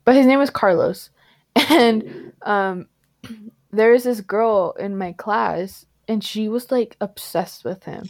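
A woman's voice: medium pitch, takes it slowly, darkish tone. A young woman co-hosting a podcast, telling a story in casual chat and laughing often. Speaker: podcast co-host.

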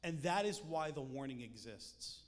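A man's voice: mid-range voice, lively intonation, moderate pace. A man preaching a sermon in a conversational way, with jokes and emphatic points. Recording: long hall reverb with music behind.

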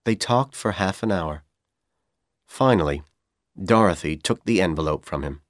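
A man from Iran with a Persian accent, whose first language is Persian, reading an English storybook aloud in a clear, deliberate way for learners. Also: sits low, lively intonation, dry recording, clean studio sound. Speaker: audiobook reader for English learners. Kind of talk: slow audiobook narration.

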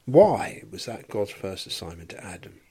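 A man's voice: on the low side, big pitch swings, moderate pace, dark tone, breathy edge. A man teaching a Bible study in a podcast, explaining verse by verse and posing rhetorical questions.

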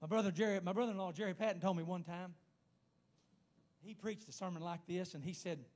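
A man preaching a sermon, emphatic and repetitive, rising to shouts at times. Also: high voice. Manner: pauses to speak in tongues.

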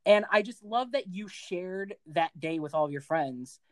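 A woman hosting a casual chat, effusive and animated in her reactions. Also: fairly low pitch, measured pace, dry recording. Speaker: host.

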